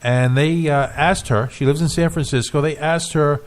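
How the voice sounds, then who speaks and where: A man co-hosting a casual radio show in a studio, talking in halting restarts with dry jokes. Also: a little high, steady tone. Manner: hesitant, restarts often, dry joking.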